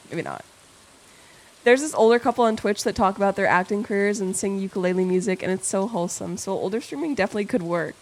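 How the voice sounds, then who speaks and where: A woman's voice: medium pitch, fast talker. A young woman streamer chatting casually with her chat, playful and rambling, swearing freely and reading messages aloud.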